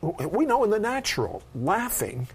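A man hosting a faith talk show, interviewing a guest with animated, playful questions. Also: high-pitched, moderate pace, breathy edge. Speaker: host.

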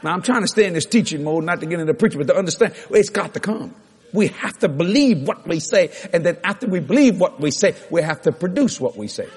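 A slightly high, husky male preacher tells his story with animated, acted-out dialogue and repeated refrains. His voice rings out with a long reverb tail across a large church hall. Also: fast talker. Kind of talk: storytelling sermon.

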